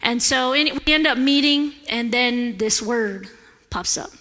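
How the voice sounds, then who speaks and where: A woman giving a sermon in a church, candid and animated, laughing often as she talks. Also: fairly high pitch, a little slow. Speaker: guest preacher. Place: church sanctuary. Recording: echoey hall.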